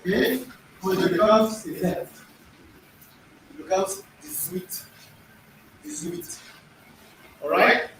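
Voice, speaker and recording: A man's voice: high voice, lively intonation, a little slow, pauses often, a bit bright. A middle-aged man teaches pronunciation to a class. He repeats words and quizzes the students. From Nigeria. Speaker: language teacher. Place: echoey classroom. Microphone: far room mic. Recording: echoey room, distant mic, faint noise.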